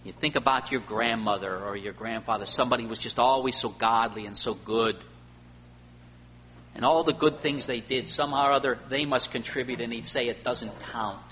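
A male pastor preaching a sermon, swinging between loud emphatic lines and quiet asides. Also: mid-range voice, brisk. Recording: faint hum and long hall reverb.

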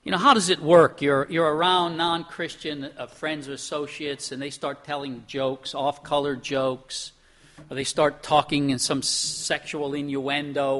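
Preaching from the pulpit, this man from Pennsylvania speaks conversationally, throws out rhetorical questions, dramatizes quotations, and repeats words when he restarts. He sounds fairly bright, with a voice on the high side.

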